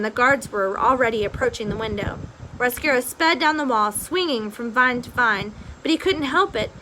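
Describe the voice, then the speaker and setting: Woman reader, high and bright, expressive storybook reading. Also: slight background noise, rough recording. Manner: recaps casually, then reads with expression. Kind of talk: reading a children's novel aloud.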